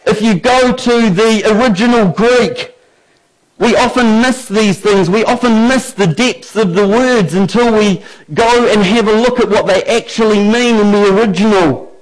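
A male pastor preaching a sermon in an emphatic, deliberate way. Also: high-pitched, low-quality recording.

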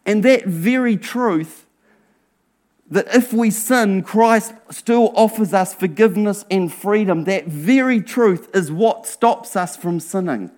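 Male pastor, slow deliberate sermon delivery, slightly high voice, earnest with hushed asides. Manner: earnest, drops to a hushed near-whisper for emphasis; slow, emphatic preaching with rhetorical questions.

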